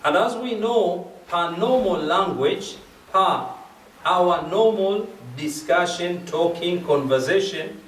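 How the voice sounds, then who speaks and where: A man's voice: high voice, lively intonation, slow, slight background noise. A man giving a religious lecture at a gathering, explaining verses step by step and repeating key phrases. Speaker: speaker at a majlis. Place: mosque or community hall. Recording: echoey hall, mic at a distance.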